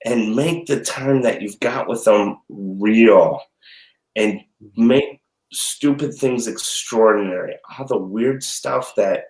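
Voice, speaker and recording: A man's voice: mid-range voice, echoey room, poor audio. A middle-aged man and dad chatting casually from his home kitchen, rambling and jokey as he tells stories. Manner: rambling, animated, jokey storyteller. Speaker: chef and dad guest. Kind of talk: casual chat.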